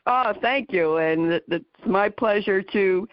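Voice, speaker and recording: A woman's voice: mid-range voice, a little slow, no echo. A woman with a New Jersey accent hosting a radio talk show, chatty as she introduces her guest. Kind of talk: radio interview. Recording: dry, dull lo-fi radio audio.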